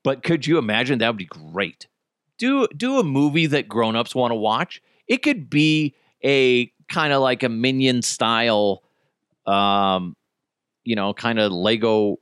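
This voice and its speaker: A man's voice: lowish voice, clear, resonant tone, no room sound, studio quality. A man hosting a podcast, chatting casually and rambling, with frequent swearing. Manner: animated, profane, rambling. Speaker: podcast host. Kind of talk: casual comedic chat.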